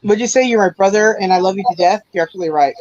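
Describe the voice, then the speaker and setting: A woman's voice: mid-range voice, very fast, muffled recording, crowd noise. A woman chatting casually in a rambling way, full of fillers and frequent laughs. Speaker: stream chat participant. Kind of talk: casual chat.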